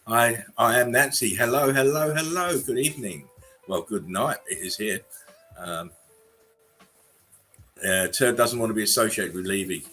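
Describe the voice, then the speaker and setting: Guy rambling through a chill livestream, laughing a lot, low-ish bright voice. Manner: relaxed and rambling, laughs often between remarks. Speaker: livestream host. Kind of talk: casual livestream chat greeting viewers.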